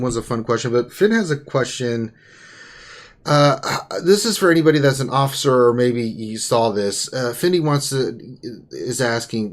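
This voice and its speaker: A man hosting a live online Q&A stream, chatting casually and teasing his co-hosts. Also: mid-range voice. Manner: playful, teasing, animated.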